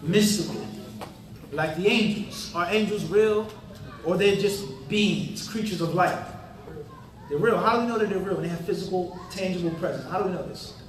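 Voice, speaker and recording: In a mosque hall, a male Islamic teacher gives an interactive religious lecture, constantly quizzing listeners with fill-in-the-blank questions and dropping casual street-talk asides. His voice sits high and moves at a moderate pace, with a little hiss or hum. The mic is distant and the hall sounds roomy.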